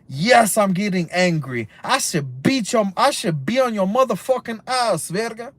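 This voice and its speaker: A man's voice: sits high, expressive, unhurried, few pauses, fairly bright tone, dry recording. A man of about thirty, ranting casually on a live stream from inside a car, heated and profane, rambling and mixing in Spanish slang. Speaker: livestream host.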